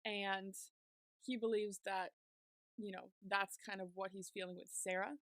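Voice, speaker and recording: Chatty woman recapping, gravelly edge. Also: medium pitch, steady tone, unhurried, fairly bright tone, no room sound. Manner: chatty, many "like" fillers while retelling scenes. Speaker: podcast co-host. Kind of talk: casual episode recap.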